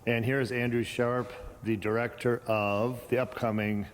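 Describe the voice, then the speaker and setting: A man's voice: mid-range voice, flat delivery, moderate pace. A man hosting a local show, asking short curious questions in a casual interview on a theater stage. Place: small-town theater stage. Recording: echoey hall with faint noise.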